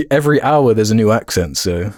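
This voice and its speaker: A man with an English accent chats casually on a podcast, his low voice swinging widely as he rambles and restarts. He laughs often between thoughts, and the recording is close and dry. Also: expressive, moderate pace, dry recording. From United Kingdom. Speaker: podcast co-host.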